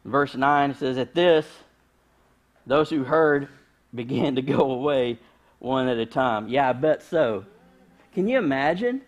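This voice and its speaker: A man, preaching a sermon in a conversational, humorous storytelling way with sudden loud bursts. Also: medium pitch, expressive, a little slow, pauses often. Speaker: pastor.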